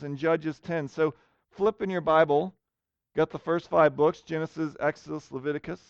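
A man's voice: fairly high pitch, a little mellow, clean tone, no room sound, highs cut off. A man preaching a sermon in an earnest way, rising to emphatic questions. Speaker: pastor.

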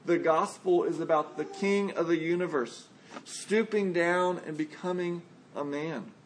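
A man with a high-pitched voice preaches to his congregation. He is earnest and asks pointed rhetorical questions. He acts out the voices of the people he quotes. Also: measured pace, a little hiss or hum, low-quality recording. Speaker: pastor. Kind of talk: sermon. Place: church.

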